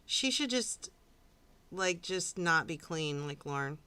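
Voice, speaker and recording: A woman co-hosting a podcast, reacting to a recorded call in a sarcastic, expressive way. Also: low-pitched, slow, clear, resonant tone. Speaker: podcast co-host.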